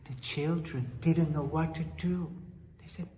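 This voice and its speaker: A woman tells a children's folktale slowly and dramatically, dropping into hushed asides and little gasps. Her voice sits a bit low, and the recording is roomy with a long hall reverb trailing behind. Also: fairly even intonation, a little hiss or hum. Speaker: storyteller. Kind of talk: children's storytelling.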